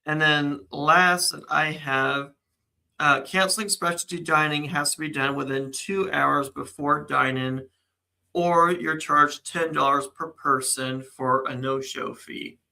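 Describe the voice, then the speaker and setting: A man's voice: on the high side, fairly even intonation, a little slow, gravelly, pushed and bright, poor audio. A man co-hosting a casual live chat, reading out news items and laughing often. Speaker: co-host.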